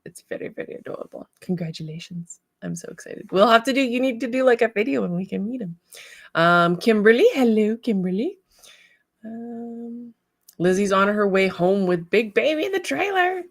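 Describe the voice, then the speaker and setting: A woman's voice: fairly high pitch, animated, moderate pace, dry recording, studio quality. A woman hosting a casual livestream, chatting, laughing and greeting viewers by name. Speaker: livestream host.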